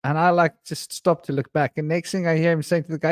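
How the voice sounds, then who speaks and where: A man's voice: on the high side, fairly even intonation, dry recording, clean studio sound. A man, telling rambling stories and laughing often during an online panel discussion. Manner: rambling, anecdotal, quick to laugh. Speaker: round table participant. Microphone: video call.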